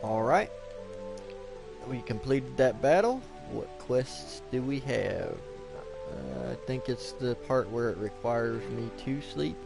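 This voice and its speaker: A man giving relaxed, low-key commentary while playing a video game. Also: slow pace, vocal fry, over music. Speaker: gameplay video host. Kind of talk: gameplay commentary.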